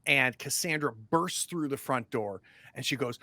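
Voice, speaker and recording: A man narrating a tabletop game as game master, animated and descriptive. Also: mid-range voice, unhurried, no echo.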